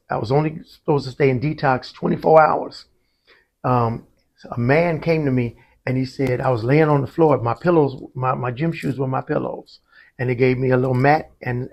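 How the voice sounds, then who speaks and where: Creaky and a little mellow, this mid-range male voice belongs to a church musician giving a conversational testimony. Telling his life story to an interviewer, he acts out the quoted voices of those in it.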